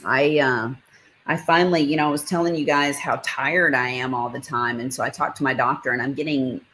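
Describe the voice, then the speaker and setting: A woman's voice: extremely low pitch, steady tone, fairly quick, fairly bright tone, slight background noise, rough recording. A woman hosting a casual livestream, chatting and greeting viewers by name as she reads their comments. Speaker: livestream host. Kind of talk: casual live chat reading comments.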